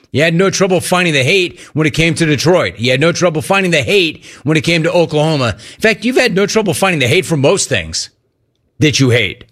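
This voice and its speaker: A man hosting sports talk radio, reading listener messages in an animated, quick delivery. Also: fairly high pitch.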